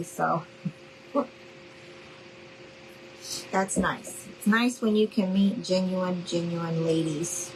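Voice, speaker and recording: A woman with a lowish voice hosts a craft livestream from New Orleans, Louisiana, chatting casually while she crafts. She's chatty and affectionate, calling viewers "y'all" and "honey," and the low-quality recording carries slight background noise.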